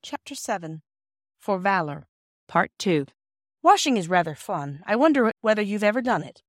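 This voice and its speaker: A woman reads a children's classic aloud in a clear, measured way. Her voice sits at a middle pitch and sounds dry and close to the mic. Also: big pitch swings, no room sound, faint music behind. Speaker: audiobook reader. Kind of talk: storybook narration.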